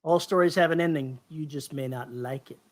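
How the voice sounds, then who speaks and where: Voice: mid-range voice, fairly quick. Dry-witted podcast co-host. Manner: dry, deadpan jokes. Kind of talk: casual chat.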